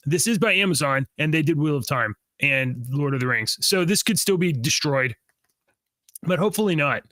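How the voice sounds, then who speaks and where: Animated, excitable man on a podcast. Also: a little high, moderate pace, no echo. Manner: excitable, rambling, laughs loudly. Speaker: podcast co-host. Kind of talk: casual chat.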